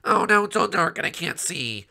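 A man's voice: high voice, big pitch swings, moderate pace, vocal fry, bright, forceful tone, pitched above the performer's own voice, full character voice. A man voicing a timid, whiny young male sidekick who pleads anxiously, for a game roleplay. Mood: pleading.

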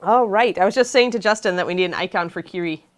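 A woman's voice: mid-range voice, fast talker. A woman casually hosting a livestream, chatting and greeting viewers by name. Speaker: host of a miniature painting livestream.

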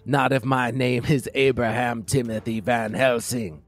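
A man's voice: medium pitch, steady tone, a little slow. A man voicing a bold, bumbling male monster hunter in a tabletop game, grandiose and jokey.

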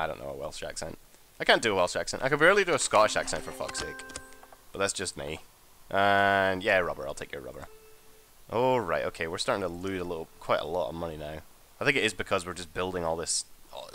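Talking fast, this young gamer and channel host jokes and swears his way through a strategy game. He gets excitable and keeps breaking into high-pitched outbursts.

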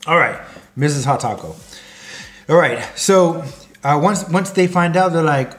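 A man's voice: mid-range voice, expressive, normal speed, fairly bright tone. A man giving a comedic food promo, rambling and jokey, drifting off on tangents. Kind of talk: comedic promo talk to camera.

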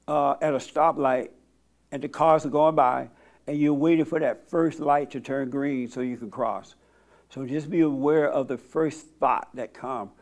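A man hosting a church meeting, counseling a guest bluntly and then leading a slow guided silent prayer. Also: fairly high pitch, a little mellow. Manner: blunt, plain-spoken, teasing; slow, soothing instructions during meditation.

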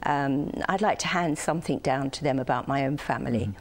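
Low-voiced older woman, soft and hesitant. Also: fairly quick. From United Kingdom. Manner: soft-spoken, hesitant with many ums. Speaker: guest. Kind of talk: TV interview.

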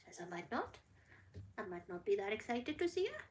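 A British woman filming a casual vlog at home, talking to her dogs in soothing baby talk that often drops to a hush. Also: mid-range voice, huge pitch swings, normal speed, a little hiss or hum. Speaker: dog breeder filming her dog's labour. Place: at home indoors.

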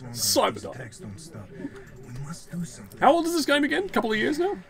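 A man giving casual, jokey commentary while playing a video game, excitable and sweary. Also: very high voice, normal speed, creaky. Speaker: let's play gamer. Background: game music and sounds.

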